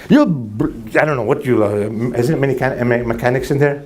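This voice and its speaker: A man's voice: medium pitch, brisk, hardly any pauses. A man preaching a sermon to a congregation, joking with the audience and acting out little dialogues. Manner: animated, jokes with audience, acts out dialogue. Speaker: Muslim preacher. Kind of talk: sermon with anecdotes. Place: mosque hall before a crowd.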